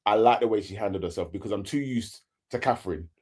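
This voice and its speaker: A man's voice: on the low side, fast talker, darkish tone, husky. A man co-hosting a casual chat, teasing and blunt. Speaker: co-host reviewing a reality show.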